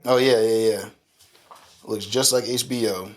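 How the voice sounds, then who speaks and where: A man's voice: on the low side, steady tone, unhurried. A man co-hosting a podcast, talking in casual, profane chat with a blunt, slangy, ranting delivery. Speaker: podcast co-host.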